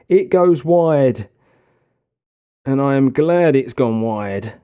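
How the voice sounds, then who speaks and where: A young man commentating on his own football management game, swinging from tactical muttering to excited shouts. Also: a little high, slow, clear, resonant tone. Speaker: gaming video host. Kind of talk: casual gameplay commentary.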